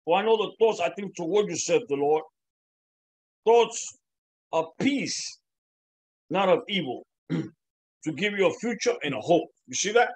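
An impassioned male preacher with a voice pitched a little above most men's. He preaches in loose, repeating bursts, stumbles over his words, and slips in casual slang. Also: expressive, normal speed, slightly rough, rough recording. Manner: casual slang like "man" and "bro". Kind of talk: sermon.

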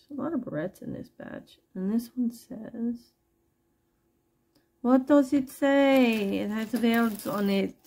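Casual online seller, woman, gravelly low-energy delivery, unhurried, chatty. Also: mellow. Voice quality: gravelly, husky. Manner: chatty, pricing each piece aloud as she goes. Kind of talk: casual live sales chat.

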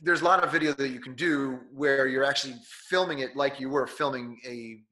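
Bright, energetic man, a bit nasal. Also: medium pitch, fairly quick. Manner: energetic, coaching delivery that acts out quotes. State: a little nasal from being sick. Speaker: guest, speaking coach and author. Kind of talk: conversational interview.

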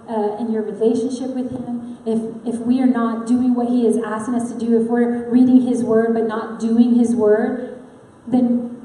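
A woman preaches an earnest, personal sermon in a church sanctuary, speaking conversationally with frequent fillers. Her voice is fairly high and mellow, and the hall is echoey with long reverb.

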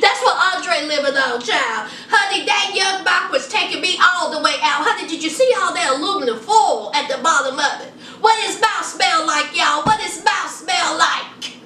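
Sassy woman vlogger with a high, bright voice, recorded a bit far from the mic in a roomy space. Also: expressive, moderate pace. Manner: sassy, chatty, calls viewers honey and child. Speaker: reality TV reviewer. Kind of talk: casual review commentary. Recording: roomy echo, distant from mic.

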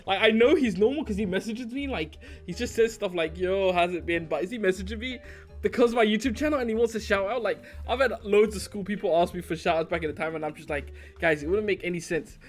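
A young man doing playful gaming commentary, excitable and jokey, swinging between mumbled asides and shrieks. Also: high voice, fast talker. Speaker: Minecraft YouTuber. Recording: faint background music.

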